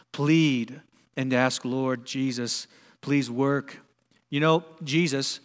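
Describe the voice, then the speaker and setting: High-voiced man preaching in a reverberant hall. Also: a bit bright. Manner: earnest, emphatic preaching with rhetorical questions. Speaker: pastor. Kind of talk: sermon. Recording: long reverb of a large hall.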